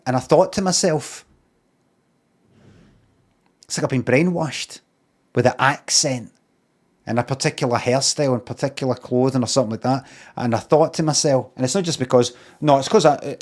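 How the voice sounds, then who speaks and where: A man's voice: medium pitch, normal speed, a little mellow. A Scottish man streaming, talking in a rambling, sweary way with lots of ums and uhs. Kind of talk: casual rambling monologue.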